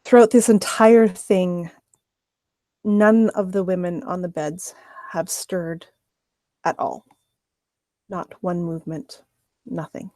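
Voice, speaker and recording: A woman running a tabletop game as game master, narrating scenes in a measured way. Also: fairly low pitch, fairly even intonation, mellow, no echo.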